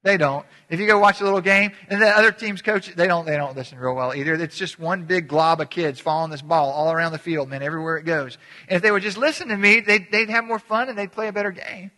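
A quick-talking man preaches in a bright, forceful voice that rings through a large hall with a long reverb. He is animated and chatty, jumping into high voices to act out scenes and stumbling over repeated words as he restarts sentences. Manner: animated, acts out voices with sudden pitch jumps. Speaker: pastor. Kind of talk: sermon.

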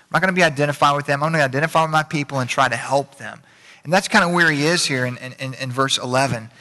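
A man's voice: medium pitch, pushed and bright, long reverb tail. A man preaching a casual, conversational sermon as pastor, with a folksy habit of repeating phrases. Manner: folksy, repeats phrases, speeds up and slows down for emphasis. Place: church sanctuary.

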